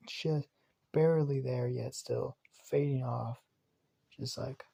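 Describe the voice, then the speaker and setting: A man's voice: mid-range voice, vocal fry, dark tone, breathy edge. A man improvising a fan story, rambling along with strings of loosely joined clauses. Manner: rambling, repeats "as" and "just says".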